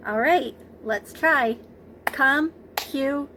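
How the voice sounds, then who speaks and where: Gentle, slow-talking preschool teacher woman. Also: on the high side, lively intonation, background noise. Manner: gentle, encouraging, drawn-out words for clapping. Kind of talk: slow, sing-song lesson for young children.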